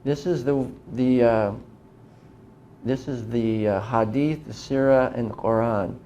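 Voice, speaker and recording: Mellow-voiced man lecturing emphatically. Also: medium pitch, measured pace, lo-fi sound, slight background noise. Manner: emphatic, asks many rhetorical questions. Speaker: speaker lecturing on religion. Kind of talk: lecture to a live audience.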